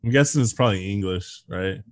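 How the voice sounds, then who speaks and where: A man's voice: on the low side, brisk, no room sound. A man in his thirties co-hosting a casual podcast, joking darkly and laughing often. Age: 30s. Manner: sardonic, dark humor, laughs often. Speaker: podcast co-host.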